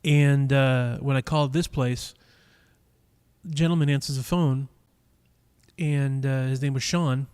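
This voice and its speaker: A man's voice: mid-range voice, fairly even intonation, unhurried, long pauses, darkish tone, clear, resonant tone. A man hosting a live stream in casual chat, rambling with lots of fillers and teasing his viewers, talking into a microphone in a cigar lounge. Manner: rambling, chatty, many fillers and restarts.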